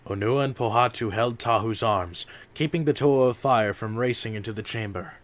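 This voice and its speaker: A man reading an adventure audiobook aloud in slow, measured narration. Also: fairly low pitch.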